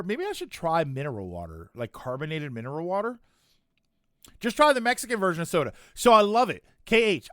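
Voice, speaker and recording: Casual male streamer, higher-pitched, meandering and self-correcting delivery, dry close mic. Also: fairly bright tone, smooth, dry recording. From United States. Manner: rambling, self-correcting, chuckling asides. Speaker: streamer chatting with viewers. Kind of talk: casual chat reading chat comments.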